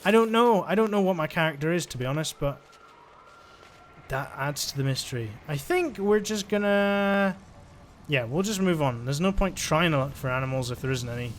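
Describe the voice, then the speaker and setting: Over slight background noise, a man with a fairly high, lively voice comments on the video game he's playing at an ordinary pace. He's a let's-play gamer, joking around, chatting and voicing his thoughts as they come.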